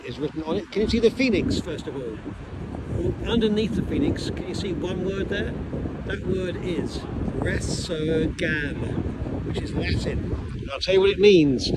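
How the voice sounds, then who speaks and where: Man guiding a tour on a noisy street. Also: mid-range voice. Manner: animated, asks the viewer rhetorical questions. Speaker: London tour guide. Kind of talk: walking tour explainer videos. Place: around London sites, in and out of doors. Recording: noisy city street sound.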